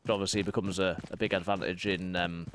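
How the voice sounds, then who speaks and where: A man in his thirties with a softened northeast English accent, chatting casually while streaming a game and rambling through quick asides. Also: low-pitched, level tone, slight background noise. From northeast England. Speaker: streamer and vicar. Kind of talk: casual gaming stream chat.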